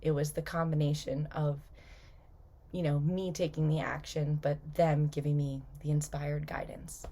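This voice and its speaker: Casual woman host speaking to her viewers; low, flat, unhurried delivery. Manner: chatty, with many fillers. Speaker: spiritual channeler and video host. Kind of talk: casual talk to camera.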